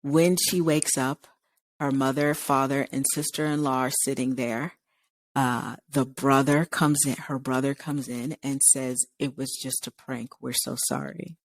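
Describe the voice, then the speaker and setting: In a radio studio free of echo, a woman with a rumbling low voice tells a lengthy story at a slightly slow pace. As co-host of the talk show, she keeps it casual and voices the characters' quotes.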